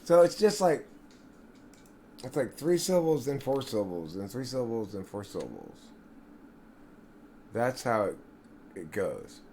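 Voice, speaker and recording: A man's voice: on the low side, big pitch swings, a little mellow, a little hiss or hum. A man hosting his own channel, talking in a rambling solo vlog with meandering asides to himself. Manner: slow, meandering talk with self-directed asides. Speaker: channel host.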